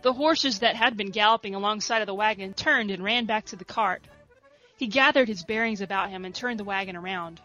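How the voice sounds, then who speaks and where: A woman reading a story aloud in a soft, steady narration. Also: medium pitch, fairly quick, muffled recording, faint music behind. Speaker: reader.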